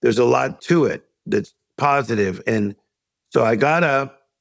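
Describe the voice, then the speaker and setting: A man's voice: medium pitch, a little slow, vocal fry, no room sound. A middle-aged man, a life coach guest, telling a story in an interview and acting out the voices of the people in it. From United States.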